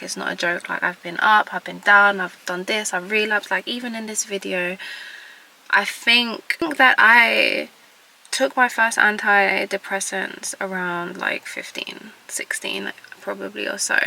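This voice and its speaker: A woman's voice: mid-range voice, vocal fry, bright, forceful tone, low-quality recording. Emotional young woman holding back tears. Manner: earnest and encouraging. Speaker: vlogger. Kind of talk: emotional reflective vlog.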